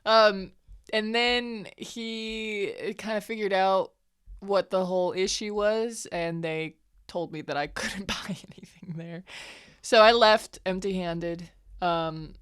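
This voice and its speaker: A woman's voice: medium pitch, fairly even intonation, slow pace, fairly bright tone, clean tone. A woman player recapping a tabletop game in a chatty, giggly way with hesitant fillers. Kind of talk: casual recap chat.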